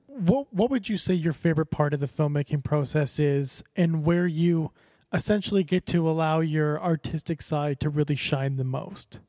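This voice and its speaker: Podcast host with a dark, dry sound. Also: male voice, fairly high pitch, normal speed, dry recording. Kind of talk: interview question.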